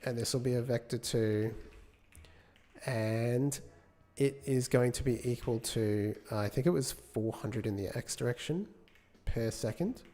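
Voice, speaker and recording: Chatting with viewers between tasks, a British man streams casual commentary as a game developer coding live, thinking aloud and correcting himself. He speaks unhurriedly in a medium-pitched, dark-toned voice.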